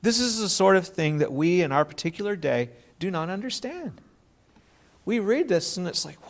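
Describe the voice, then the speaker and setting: A man with a high, gravelly voice delivers an earnest sermon. He asks rhetorical questions, quotes scripture and often restarts with repeated words. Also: sing-song, normal speed. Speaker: preacher.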